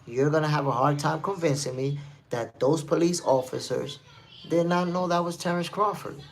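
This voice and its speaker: A man's voice: a little high, moderate pace. A man from New City, hosting a live stream and giving casual commentary while reading the chat, emphatic and repetitive. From New York City. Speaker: livestream host.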